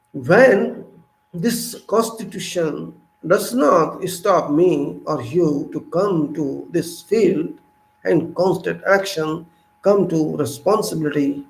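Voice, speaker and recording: A man in his fifties speaks with an Indian English accent in a fairly high, gravelly voice. He delivers an impassioned, preachy monologue, firing rhetorical questions and swinging between loud and soft. The sound carries the echo of a roomy space. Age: 50s. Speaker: civic commentator.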